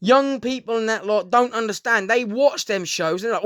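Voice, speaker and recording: High-voiced, sweary man ranting. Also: normal speed, a bit bright, dry recording, studio quality. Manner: rambling, heavy swearing, keeps addressing listeners as "guys". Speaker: vlogger. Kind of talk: casual unscripted monologue to camera.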